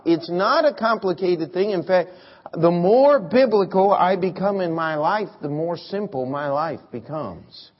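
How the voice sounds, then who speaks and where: A preacher man delivers a sermon at a slow, deliberate pace, his voice sitting a little high. He drives his points home with emphasis and rhetorical questions to the congregation. The recording sounds muffled and lo-fi.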